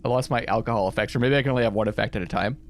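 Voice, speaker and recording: A man's voice: mid-range voice, rapid-fire. A man hosting a let's play, casually commenting on the game and thinking aloud, often restarting his sentences.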